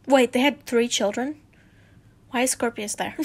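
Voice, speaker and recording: A woman's voice: on the high side, steady tone, slow pace, slightly rough. A woman reading fanfiction aloud in a casual way, giggling, swearing and tripping over words as she comments. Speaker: fanfiction reader.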